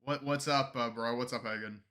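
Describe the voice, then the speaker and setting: A man hosts a casual live stream, his voice very bright and forceful at an even, middling pitch. He rambles and restarts, dropping sarcastic asides. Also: moderate pace. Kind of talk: casual political commentary stream.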